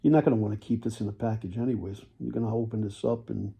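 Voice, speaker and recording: A man selling toy cars in a casual video, with folksy sales patter, repeated words and frequent throat clearing. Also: fairly low pitch, fairly even intonation, fast, warm tone. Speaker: toy car seller.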